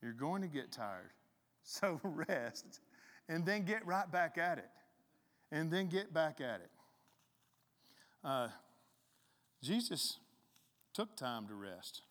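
A middle-aged man preaching a sermon in a relaxed, conversational way, often restarting his sentences. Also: a little high. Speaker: pastor. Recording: long reverb in a hall.

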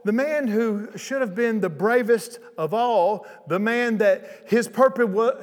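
A man preaching a sermon, retelling a Bible story in a casual, lively way with chatty asides. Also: high voice, in a large hall.

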